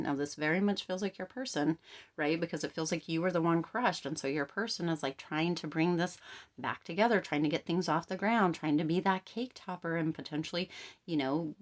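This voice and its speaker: A woman with a notably low voice talks through a tarot reading in a loose, chatty way. She keeps checking in with the listener and swoops up into lively reactions. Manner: chatty, checks in often with "right?" and "okay?". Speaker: tarot card reader. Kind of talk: casual tarot reading to camera.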